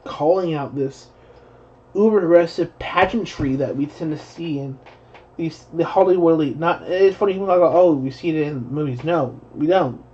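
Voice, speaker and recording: A man's voice: fairly high pitch, normal speed, dark tone, husky. A young man rambling in a profane live-stream commentary, full of restarts. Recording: dull lo-fi stream audio.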